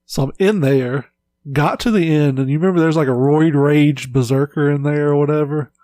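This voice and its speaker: A man's voice: a little high, fairly even intonation, moderate pace, dark tone, dry recording. Laid-back man hosting a podcast. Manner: laid-back, rambling storytelling with frequent "uh" and "like". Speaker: podcast host. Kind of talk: casual chat.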